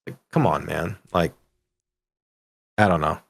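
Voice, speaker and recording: A middle-aged man with a low, gravelly voice, co-hosting a casual gaming podcast. He talks in animated, loose rants and swears freely. The sound is close and dry, with no room echo. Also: measured pace. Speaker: podcast co-host.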